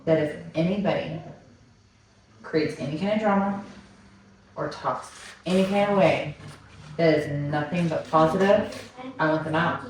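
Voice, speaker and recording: Slow-talking woman in an echoey room. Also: deep voice, slight background noise. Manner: emphatic, talks of family and home. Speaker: podcast host. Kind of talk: casual chat. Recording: echoey room, far from the mic.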